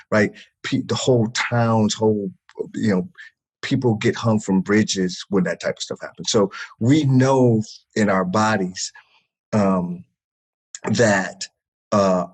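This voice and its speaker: Husky low-voiced man, emphatic storyteller. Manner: emphatic, with many restarts, repeated words and swearing. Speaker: podcast guest, therapist. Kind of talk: casual interview storytelling.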